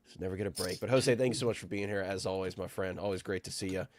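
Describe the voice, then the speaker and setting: A man's voice: low-pitched, steady tone, quick pace. A sick man hosts a live stream, his voice nasal and stuffed up. He keeps an upbeat, friendly patter as he greets viewers by name. The sound is dry and close, with no room echo. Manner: upbeat, shouting out chat viewers. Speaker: host.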